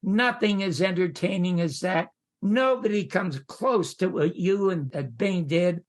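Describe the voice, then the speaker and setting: An older man, a podcast guest, tells a long show-business story in an animated way, jumping into other people's voices as he quotes them. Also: sits high, unhurried. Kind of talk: anecdotal storytelling.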